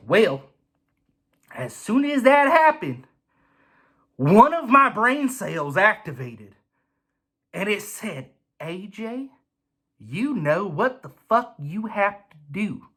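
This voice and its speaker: A bright-voiced man spinning a profane, rowdy drag racing yarn, jumping between a low mutter and sudden shouted imitations. His delivery is animated and comic, with lots of swearing and playful voices. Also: slow, pauses often, husky. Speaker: drag racer telling a race story. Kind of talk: profane storytelling monologue.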